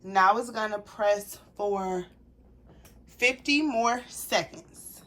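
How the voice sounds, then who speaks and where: Slow-talking excited woman crafter. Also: medium pitch. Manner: chatty, addresses viewers as y'all; excitable, gushing. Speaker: crafting channel host. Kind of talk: casual product demo vlog.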